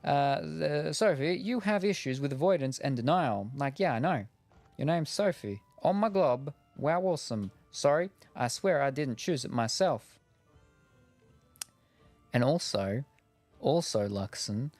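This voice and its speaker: A man's voice: a little high, animated, measured pace, darkish tone, no room sound, soft background music. An Australian man chatting casually while playing a game, rambling with lots of fillers and jokes. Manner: rambling, lots of ums, jokey. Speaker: gaming streamer. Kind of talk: casual chat while gaming.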